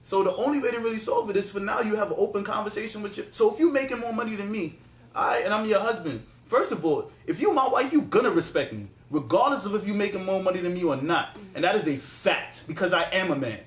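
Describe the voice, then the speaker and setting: A man with a high, light voice argues hard in a casual podcast debate. He repeats phrases and presses on over interruptions. The sound is roomy and echoey. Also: expressive, fast. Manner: insistent, repeats himself, talks over others. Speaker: podcast host.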